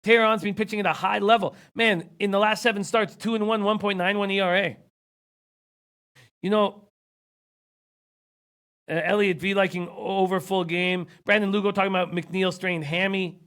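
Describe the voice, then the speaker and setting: A man's voice: sits high, fairly even intonation, moderate pace, pauses often, fairly bright tone, smooth. A man hosting a sports betting show, losing his voice, reading viewer comments and rattling off stats. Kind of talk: casual sports betting talk.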